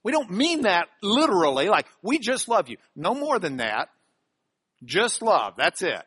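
A middle-aged man from Texas, teaching a Bible study with emphatic, animated delivery. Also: very high voice, normal speed, slightly rough.

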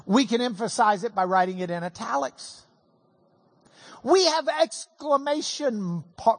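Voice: mid-range voice, husky, long reverb tail. A preacher giving a folksy, joking Bible-teaching sermon to a congregation.

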